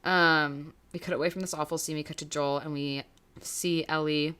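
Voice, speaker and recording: A woman's voice: low voice, steady tone, normal speed, a bit bright, clear, resonant tone. A young woman co-hosting a podcast, recapping a TV episode in casual chat, emotional and rambling, swearing freely. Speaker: podcast co-host.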